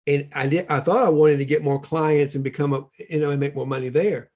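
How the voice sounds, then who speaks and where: A man's voice: a little high, fairly even intonation, a little fast, a little mellow. A man speaking as a spiritual teacher, telling his story in an earnest, preachy way during a casual workshop conversation.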